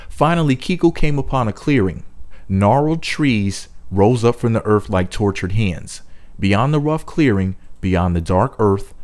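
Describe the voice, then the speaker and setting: A man with a fairly low voice reads a spooky tale aloud in a mock-dramatic way. He keeps breaking off for crude, joking asides. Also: darkish tone. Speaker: storyteller.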